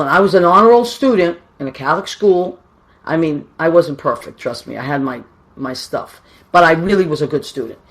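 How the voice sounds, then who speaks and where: A woman, telling a story about her grandmother in a chatty, self-mocking way with many asides. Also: sits low. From Boston, USA. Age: 50s. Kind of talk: casual storytelling.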